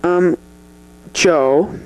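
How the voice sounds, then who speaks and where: Someone playing a halting male talk show host. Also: medium pitch, darkish tone, poor audio. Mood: scolding. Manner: halting, with many fillers. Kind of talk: mock interview skit.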